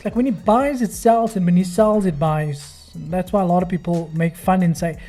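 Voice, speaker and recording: A man's voice: high voice, normal speed, mellow, faint music behind. A man hosting a trading video, giving sarcastic, mocking commentary and acting out other people's voices. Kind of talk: screen-recorded commentary.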